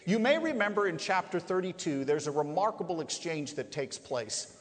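A man preaching from the front of a large hall, his voice sitting fairly high and swinging widely in pitch. He presses each point hard, poses rhetorical questions and draws out key words. The long reverb of the room trails every phrase. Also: animated, moderate pace. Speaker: pro-life speaker. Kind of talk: preaching to a live audience.

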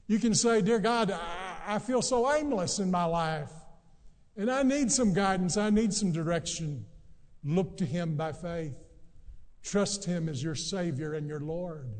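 Man, pastor, sermon, emphatic, unhurried delivery, long hall reverb. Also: sits high, a little mellow. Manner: earnest, emphatic preaching with drawn-out pauses.

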